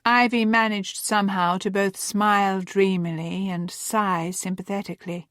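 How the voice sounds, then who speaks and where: A woman narrating a romance novel as an audiobook, calm and measured. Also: medium pitch, no room sound, studio quality. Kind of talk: scripted narration.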